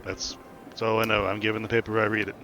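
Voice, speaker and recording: A man voicing a young male dwarf town crier who shouts announcements in a tabletop game. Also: on the low side, flat delivery, fast, dull audio, slight background noise. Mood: flustered. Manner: loud, announcing proclamations.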